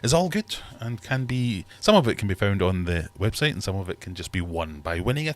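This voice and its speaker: Deep-voiced British man chatting on a livestream. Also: sing-song, brisk, hardly any pauses. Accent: British English. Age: 30s. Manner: rambling, joking, reads out chat comments. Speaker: livestream host. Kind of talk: casual livestream chat. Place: home fish room.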